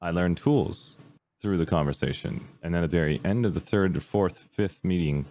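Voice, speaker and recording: Very deep-voiced man telling a personal story. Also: moderate pace, warm tone. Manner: candid and earnest, trailing fillers. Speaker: podcast guest, streamer.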